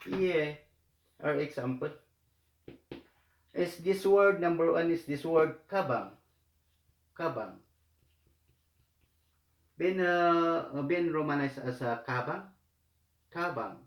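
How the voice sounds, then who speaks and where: A man tutoring a language lesson, explaining slowly with many fillers and repeated phrases. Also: a little high. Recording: echoey room.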